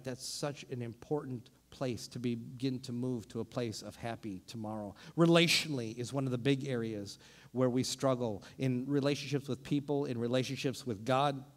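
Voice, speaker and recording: A man preaching a sermon as pastor, animated and often restarting his sentences. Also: medium pitch, big-room sound. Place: church sanctuary.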